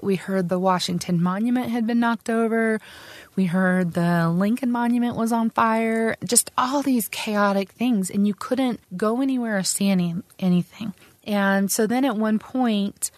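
A woman's voice: medium pitch, no echo. A middle-aged woman, an Army sergeant, telling her own story in an earnest, conversational way with frequent restarts. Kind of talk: personal storytelling.

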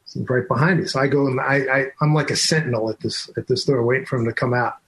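Older man telling a lively radio story. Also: medium pitch, fast, rough recording. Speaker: radio talk show host.

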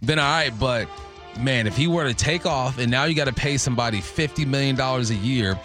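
A man co-hosting a sports radio show in a studio, giving relaxed, opinionated takes and laughing easily. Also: mid-range voice, brisk, soft background music. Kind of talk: casual sports talk.

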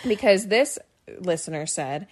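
A woman's voice: fairly low pitch, unhurried, a little hiss or hum. Chatty woman podcast host telling a story. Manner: animated storyteller, lots of "like" and restarts. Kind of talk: casual chat, storytelling.

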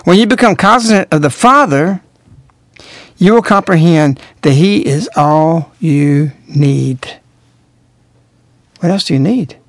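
Man, fairly high voice, dry studio sound, earnest religious radio talk with emphatic rises. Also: expressive, slow pace, pauses often, no echo. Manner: earnest, emphatic, rising to stress key words. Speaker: radio commentator.

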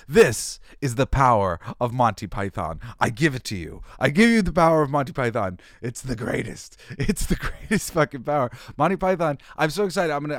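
A man hosting his own show, talking loosely and with big energy, laughing through his stories and swearing as he goes. His voice is mid-pitched, and it sits in a dry, close space with no room sound. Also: dry recording. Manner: animated, laughs often, swears, loose restarts. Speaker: host. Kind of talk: casual storytelling monologue.

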